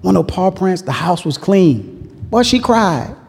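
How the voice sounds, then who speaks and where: Male pastor, slightly high voice, casual call-and-response preaching, long echo of a large church hall. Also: sing-song, a little slow, gravelly. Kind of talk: sermon.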